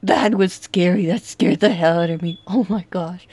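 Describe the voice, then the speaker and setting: A woman's voice: on the low side, steady tone, moderate pace, no echo. Dramatic young woman gaming, dry close mic. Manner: dramatic, shouts and taunts at the game villain. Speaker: gaming youtuber. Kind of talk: excited let's-play commentary.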